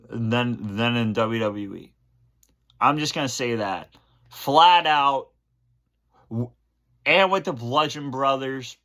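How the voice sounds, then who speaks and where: A man speaks slowly and haltingly, stopping often to restart his sentences. His voice is bright and forward. He is emotional as he answers fan questions for his channel. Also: mid-range voice. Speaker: channel host.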